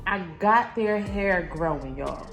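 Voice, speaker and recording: A young woman talks straight to her camera at home, exasperated and close to tears. Her tone is casual and venting, and she keeps calling her viewers "y'all." Soft music plays faintly underneath. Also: medium pitch, animated, takes it slowly. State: upset, near tears. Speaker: vlogger, mother. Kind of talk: casual vlog talk to camera. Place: home, indoors.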